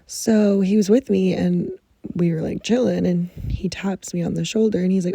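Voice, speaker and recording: A woman hosting her own podcast, telling stories in a rambling, animated way with frequent swearing, talking from under a blanket. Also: lowish voice, normal speed, vocal fry, breathy edge, no room sound. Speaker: podcast host. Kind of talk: casual storytelling.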